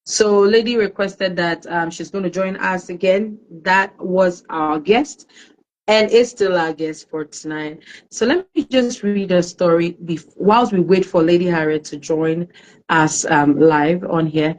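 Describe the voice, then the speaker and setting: A woman hosting a live-streamed talk show, greeting viewers by name and chatting in a warm, emotional way. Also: on the low side, a little slow, low-quality recording. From Ghana. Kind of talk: casual live-stream chat.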